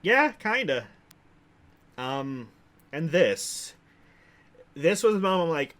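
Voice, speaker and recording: A young man hosting casual game commentary, relaxed and amused, chuckling often. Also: sits high, slow pace, pauses often. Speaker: host.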